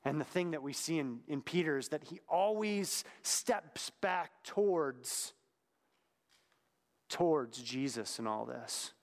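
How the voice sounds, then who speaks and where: A man preaching a sermon in a conversational, reflective way, sometimes dropping to a hushed tone. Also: on the high side, expressive, slow pace, in a large hall.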